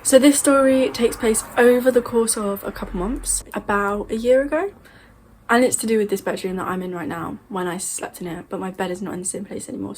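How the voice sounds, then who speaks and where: A woman's voice: medium pitch, darkish tone, slight background noise. A young woman in her bedroom telling a spooky story in a casual, rambling way, correcting herself as she goes. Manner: chatty, rambling, self-correcting. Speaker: vlogger. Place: bedroom at home.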